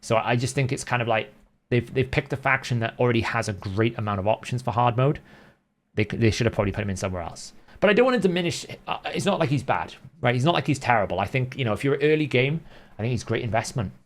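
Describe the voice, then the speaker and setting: A man's voice: mid-range voice, lively intonation, fast talker. A man talking casually as a gaming video host, conversational and thinking aloud with frequent self-corrections. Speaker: gaming YouTuber. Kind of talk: casual game commentary.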